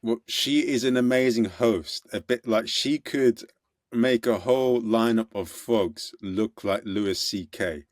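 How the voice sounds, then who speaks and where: A man's voice: mid-range voice, measured pace, dry recording. Podcast host, man from the uk, jokey, stumbling intros, dry close sound. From United Kingdom. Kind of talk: casual podcast interview.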